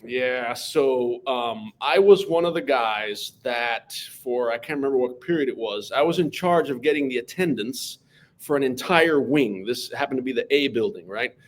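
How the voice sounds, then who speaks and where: A man, a math teacher telling school anecdotes as an interview guest in an animated, lively way. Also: medium pitch, moderate pace. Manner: animated, lively storyteller who acts out voices.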